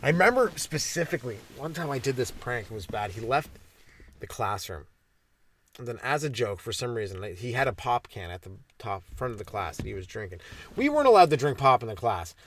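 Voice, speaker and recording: A man's voice: medium pitch, sing-song, a little fast, a bit bright, slight background noise. A man from Ontario, hosting a comedy podcast in a rambling, crude, ironic monologue that keeps interrupting itself. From Ontario, Canada.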